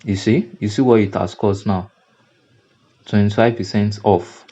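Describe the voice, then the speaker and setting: In a screen-recorded design tutorial, a male instructor with a Nigerian accent explains things slowly in a low, mellow, steady voice. He keeps repeating himself and returning to earlier points, often saying "now" and "you see," while the audio sounds dull and lo-fi.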